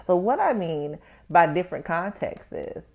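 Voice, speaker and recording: With a fairly low, gravelly, darkish voice full of big pitch swings, this woman talks at a normal speed on her personal podcast. She works as a tax professional, addresses her audience frankly as "y'all" and "baby," and performs her inner voices while storytelling.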